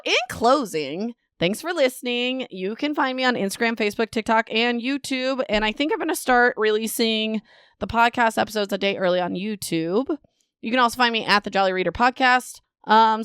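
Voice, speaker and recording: A bubbly woman hosts a casual book podcast into a home microphone, with a smooth and clear voice. She laughs at herself and trips over words as she reads. The sound is close and dry, with no room echo. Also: a little high, moderate pace, fairly bright tone. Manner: bubbly and self-mocking, stumbles over words while reading. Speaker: podcast host.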